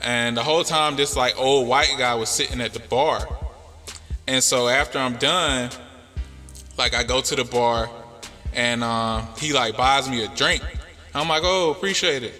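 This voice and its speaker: A relaxed male podcast host talks through a story at an easy pace. His voice is bright and forward, heard with a long reverb tail. Faint music sits underneath. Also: mid-range voice, unhurried. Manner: laid-back, rambling with many fillers. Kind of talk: casual storytelling chat.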